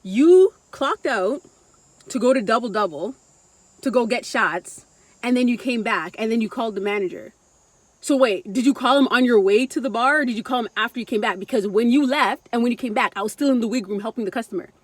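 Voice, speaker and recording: A young woman with a somewhat high voice tells a story on her vlog. She is animated and blunt, swears freely, and acts out the other people in the story. Her delivery is casual and conversational. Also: fast, no echo. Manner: animated, blunt and profane, acting out what others said. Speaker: vlogger.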